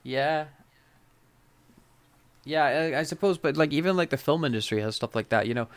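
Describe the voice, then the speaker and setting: A man's voice: on the high side, expressive, normal speed, smooth, no room sound. A man co-hosting a podcast in casual chat, recapping scenes with wry asides. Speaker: podcast co-host.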